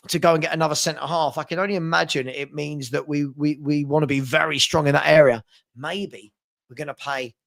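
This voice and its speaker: Chatty male stream host, slightly high voice with some fry. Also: fairly bright tone. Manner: chatty, thanks viewers by name. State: hiccups. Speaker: fan channel host. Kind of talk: casual live-stream chat.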